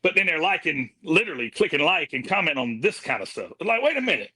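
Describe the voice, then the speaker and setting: A man appearing as a guest on a livestream, talking in an animated, emphatic and folksy way. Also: a little high, fast, husky, dry recording. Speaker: guest reviewer. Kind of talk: casual livestream chat.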